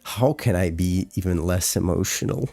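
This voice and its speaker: A man with a Russian accent, a native Russian speaker, streaming casually as he reads chat and explains his animation work, halting with frequent fillers and restarts. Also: deep voice, creaky, dark tone, dry recording.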